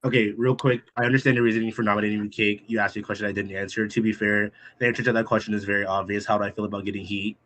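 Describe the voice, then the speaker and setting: Fast, direct low-voiced man. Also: little pitch movement, fairly bright tone, a little hiss or hum. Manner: direct, argumentative. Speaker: game contestant. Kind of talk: casual game talk.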